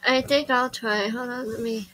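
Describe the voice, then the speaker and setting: A woman's voice: a little high, fairly even intonation, moderate pace, pushed and bright, rough recording. A young woman playing a dating game with a friend, hesitant and giggly as she reads along. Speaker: co-player reading lines. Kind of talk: casual gameplay chat.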